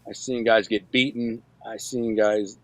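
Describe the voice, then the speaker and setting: A man's voice: on the low side, flat delivery, unhurried, no echo. A middle-aged man from Michigan, a podcast guest, telling a story in casual, slangy speech and acting out what people said. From Michigan, United States. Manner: slangy, retells scenes by acting out quoted dialogue.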